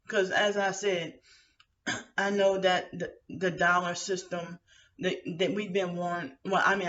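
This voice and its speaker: A woman's voice: lowish voice, a bit bright. A woman venting in a rambling, aggrieved monologue, full of fillers and restarts. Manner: aggrieved, indignant. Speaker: vlogger. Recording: muffled lo-fi audio from some distance to the mic.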